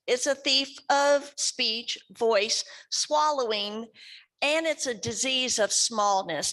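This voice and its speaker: A woman's voice: on the high side, a bit bright. Chatty woman speech therapist teaching. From West Kentucky, USA. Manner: conversational, asks the audience questions. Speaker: speech therapist presenting to a support group. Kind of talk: educational talk.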